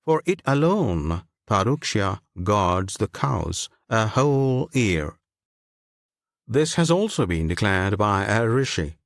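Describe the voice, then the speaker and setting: Male narrator for scripture audiobook: slow, solemn, measured, with a very varied pitch. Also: sing-song, dry recording, studio quality. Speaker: scripture reader. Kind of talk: scripted narration of a sacred text.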